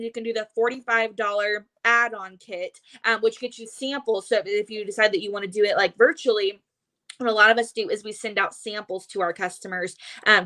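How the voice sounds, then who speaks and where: A woman hosting a live stream, brisk and upbeat as she explains offers. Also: on the high side, sharp tone. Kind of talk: live stream sales talk.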